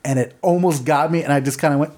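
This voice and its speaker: A man's voice: on the high side, quick pace, background noise. A man hosting a casual podcast, telling stories in a rambling way with lots of fillers and chuckles. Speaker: podcast host.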